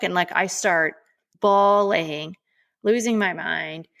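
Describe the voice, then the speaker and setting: A woman in her forties, a podcast co-host, telling a personal story in an emphatic, animated way. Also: fairly low pitch, takes it slowly, gravelly.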